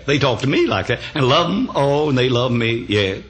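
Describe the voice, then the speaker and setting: A man's voice: medium pitch, animated, moderate pace, background noise. An older man preaching a sermon, telling folksy stories with emphatic amens and chuckles. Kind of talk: sermon storytelling.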